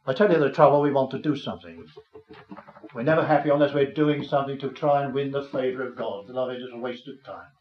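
A man's voice: medium pitch, fast. An older man preaching a sermon, earnest and tender, rising to fervent emphasis. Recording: dull, roomy, slightly noisy recording.

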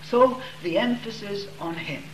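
A man preaching a sermon, reading scripture slowly and leaning hard on the key words. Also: high voice. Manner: slow, emphatic reading of scripture with stressed words. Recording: roomy echo with faint room noise.

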